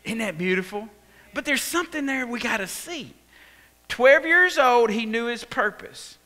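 A Texan preacher delivers a sermon at normal speed in a church sanctuary, the sound carrying a long reverb. He acts out the story animatedly, his high voice bouncing up and down with a bright edge.

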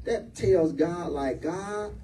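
A man, a senior pastor, preaching a sermon in a church, repeating phrases and building up to shouts. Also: sits high, slow, recorded from a distance, poor audio.

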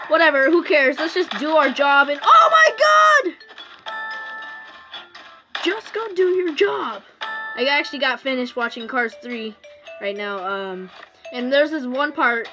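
A woman giving casual, rambling commentary while playing a phone game, with many fillers and restarts. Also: high-pitched. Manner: rambling, chatty, self-interrupting with fillers. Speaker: gaming YouTuber. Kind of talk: casual let's-play commentary. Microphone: phone screen recording.

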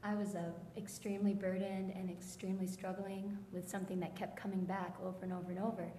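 A woman's voice: medium pitch, little pitch movement, fast talker, dark tone, big-room sound, slight background noise, rough recording. A woman giving an earnest personal testimony to a church congregation. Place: church hall.

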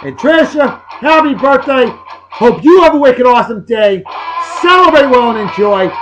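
A man's voice: extremely high pitch, expressive, normal speed, a bit bright, soft background music, low-quality recording. A man, hosting a casual beer-review vlog in a boisterous, joking, rambling way. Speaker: host.

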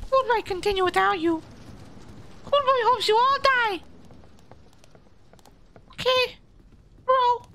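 A man voicing a whiny, bratty little boy who speaks in childish broken grammar and yells often during game commentary. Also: very high-pitched, slow pace, gravelly, pauses often, slight background noise, full character voice. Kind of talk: in-character gaming commentary.

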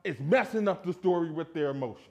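Emphatic preaching man, lively pitch. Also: quick pace, creaky, highs cut off. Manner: emphatic, rhetorical questions, swings from loud to hushed. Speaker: pastor. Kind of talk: sermon. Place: church sanctuary.

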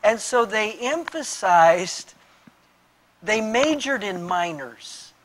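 A man speaking as a pastor, unhurried and deliberate as he works through a passage. He keeps addressing his interviewer by name, restarts phrases, and leans on plain everyday examples between quoted verses. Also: high-pitched, expressive, fairly bright tone, slight background noise, poor audio. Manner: explains with homely examples and quotes scripture. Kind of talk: answering questions in a Bible discussion.

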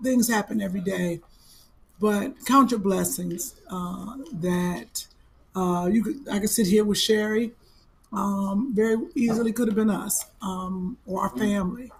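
A woman's voice: medium pitch, steady tone, vocal fry. Earnest woman podcast co-host. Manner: halting and earnest, then joking. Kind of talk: casual comedic podcast chat.

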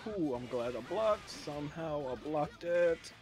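A man playing a fighting game live, excitable and laughing, with yelps as he plays. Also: on the high side, a little slow, music in the background. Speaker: player. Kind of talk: live gameplay banter.

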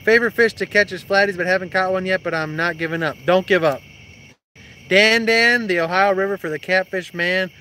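On a nighttime creek bank, a young fishing show host talks fairly quickly in a high, sharp voice, with a little hiss or hum behind him. His casual live-stream chat includes ribbing his partner and reading out comments from viewers.

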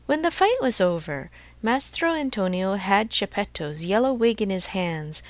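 A woman reading a storybook aloud for English learners in a clear, measured way. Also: mid-range voice, big pitch swings, dry recording. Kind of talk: scripted storybook narration.

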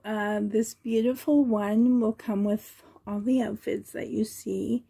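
A woman at home on the floor, showing a doll she is selling, talking softly with many ums and a little out of breath. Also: mid-range voice, steady tone, takes it slowly, vocal fry, few pauses, husky. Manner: soft, cooing over the doll, with many ums. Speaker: reborn doll seller. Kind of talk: casual show-and-tell vlog.

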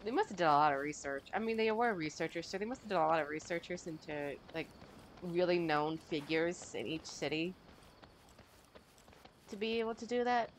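A woman's voice: on the low side, lively intonation, normal speed, a little hiss or hum. A woman commenting casually over her gameplay, gushing and rambling with many fillers. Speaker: game streamer.

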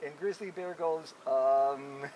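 A man's voice: high-pitched, a little slow, lo-fi sound, slight background noise. A man telling a folk tale to a live audience, playful and chuckling, often repeating his words. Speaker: storyteller. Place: live event recording.

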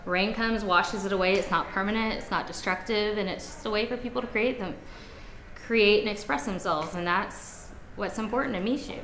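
Woman, documentary interview, relaxed explanatory tone, roomy echo, faint noise. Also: mid-range voice, moderate pace. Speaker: acquaintance describing the artist. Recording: echoey room with faint background noise.

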